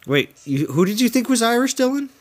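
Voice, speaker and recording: A man's voice: very high voice, sing-song, a little fast. A man hosting a gaming livestream, chatting casually over a voice call, rambling and repeating himself with frequent laughs. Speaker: livestream host.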